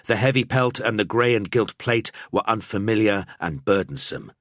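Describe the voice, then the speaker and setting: Man, audiobook narration, low voice, lively pitch, dry sound. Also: moderate pace, no room sound.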